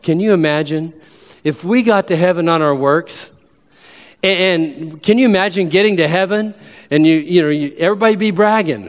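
Pastor preaching in a reverberant hall. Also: male voice, sits high. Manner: emphatic preacher who slows down to read verses. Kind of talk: sermon.

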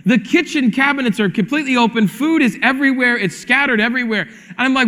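Male pastor, high bright voice, lively storytelling sermon, reverb from a hall. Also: fast, hardly any pauses. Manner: animated storytelling, acting out dialogue.

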